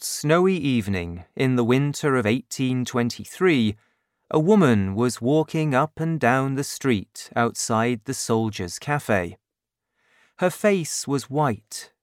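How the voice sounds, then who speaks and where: Slow, expressive male audiobook narrator. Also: mid-range voice, no room sound, clean studio sound.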